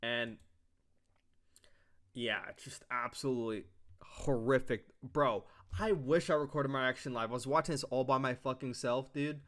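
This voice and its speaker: A man's voice: medium pitch, moderate pace, fairly bright tone. Ranting profane male esports analyst. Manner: heated, profane, repetitive. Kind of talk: ranting commentary.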